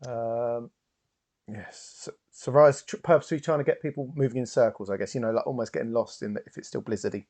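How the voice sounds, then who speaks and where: A man's voice: mid-range voice, fairly even intonation, fairly quick, a little mellow. A man playing a tabletop game, polite and thinking aloud about his moves. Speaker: player.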